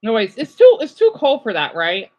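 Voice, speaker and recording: A woman's voice: a little high, wildly swooping pitch, moderate pace, slight background noise, rough recording. A woman live-streaming her reaction, gushing and exclaiming, easily distracted, who swears casually and then apologizes. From United States.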